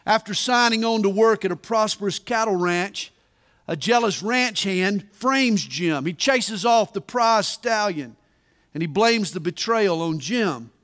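A man preaching a sermon at a conference, deliberate and emphatic, with dramatic pauses. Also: sits high, expressive, fairly bright tone. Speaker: pastor. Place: large conference hall. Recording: reverberant conference hall.

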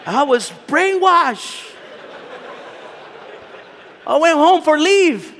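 High-voiced man preaching in an echoing hall. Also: extremely slow, slight background noise. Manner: animated, joking, bursts into shouts. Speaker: conference speaker, Bible teacher. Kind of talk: storytelling sermon. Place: large conference hall. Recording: reverberant hall with long echo.

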